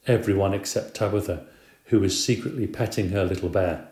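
Deep, mellow man reading a children's story. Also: fairly quick. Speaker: audiobook reader. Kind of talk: scripted narration. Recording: roomy echo.

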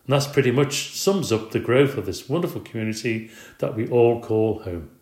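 A man reading the part of a dull, nervous male town official who speaks slowly and haltingly in a storybook reading. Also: medium pitch, darkish tone, lightly acted. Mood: droning. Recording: roomy echo.

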